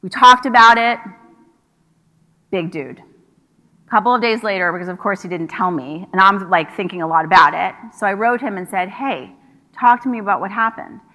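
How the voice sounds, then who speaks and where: A woman speaking from a stage with a bright, forceful voice. She tells stories conversationally and acts out quoted dialogue. A long hall reverb trails her words. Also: mid-range voice, normal speed. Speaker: keynote speaker. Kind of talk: conference keynote speech. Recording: hall reverb from a large venue.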